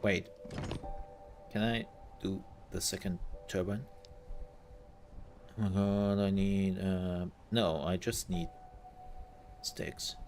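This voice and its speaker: A man's voice: deep voice, level tone, slow, long pauses, darkish tone, faint music behind. A man giving casual let's-play commentary, thinking aloud as he plays and trailing off into fillers. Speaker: gaming content creator.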